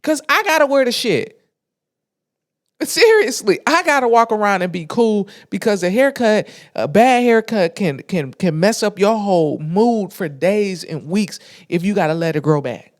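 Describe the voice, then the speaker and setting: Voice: mid-range voice, normal speed. Exasperated podcast host telling a candid story. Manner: animated, candid, with frequent swearing and slang; exasperated retelling with frequent restarts. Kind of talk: casual storytelling monologue.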